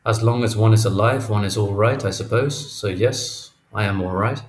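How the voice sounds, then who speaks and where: A man's voice: lowish voice, normal speed, close to an everyday voice. A man reading a weary, guarded father, terse and wryly polite. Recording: echoey room, faint noise.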